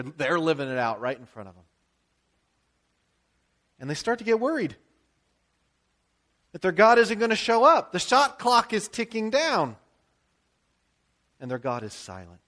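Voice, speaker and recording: An American man, a pastor, preaching a sermon in a conversational, animated storytelling way with frequent asides. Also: a little high, measured pace, pauses often.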